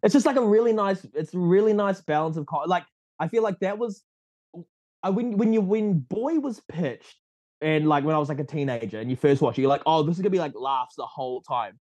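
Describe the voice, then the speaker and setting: A young man with a New Zealand accent talks in a loose, rambling way, laughing often. His pitch rises and falls a lot, sitting a little high for a man. The sound is dry and close, with no room around it. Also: lively intonation, a little fast, a little mellow, no echo. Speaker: podcast guest. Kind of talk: casual chat.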